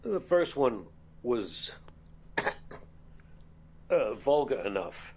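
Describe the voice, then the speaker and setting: A man speaking slowly and haltingly, with many hesitations. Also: mid-range voice, very animated, a little mellow, slight background noise. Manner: slow, halting, full of uh.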